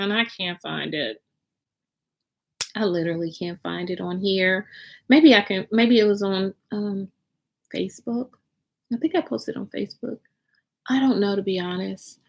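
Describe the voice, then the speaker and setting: A woman's voice: mid-range voice, fairly bright tone. Rambling, swearing woman vlogger. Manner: rambling, restarts and repeats herself; swears freely, flares up in agitation. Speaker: vlogger telling her own story. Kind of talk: candid confessional vlog.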